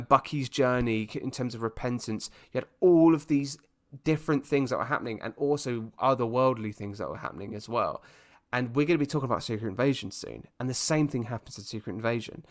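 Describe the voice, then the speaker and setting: A man from the UK co-hosting a casual podcast chat, talking in an animated, rambling way with restarts. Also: mid-range voice. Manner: animated, rambling, puts on voices and laughs often. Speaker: podcast co-host.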